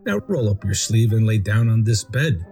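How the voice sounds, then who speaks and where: A man reading aloud as a breezy storybook doctor who brushes off every worry in a dismissive, reassuring way. The voice is dark and mellow, with faint music behind it. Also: fairly low pitch, very animated, normal speed.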